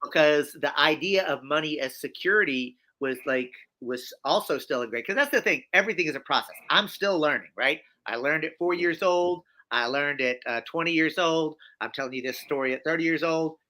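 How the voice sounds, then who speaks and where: A man, a guest in a conversational interview, telling his story in an animated, emphatic way with frequent restarts and repeated phrases. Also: on the high side, fairly quick, hardly any pauses.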